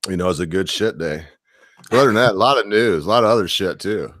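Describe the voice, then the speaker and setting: Very deep-voiced joking man. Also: fast talker, fairly bright tone, no room sound, clean studio sound. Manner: crude joking storyteller. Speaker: co-host guest. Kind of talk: casual podcast chat.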